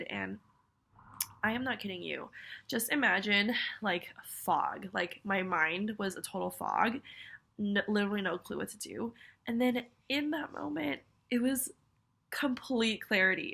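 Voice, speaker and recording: Sniffly young woman, bright gravelly voice. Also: medium pitch. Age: young adult. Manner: rambling, filler-heavy, self-deprecating and apologetic. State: congested with a cold, sniffly. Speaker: vlogger. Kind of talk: casual video message.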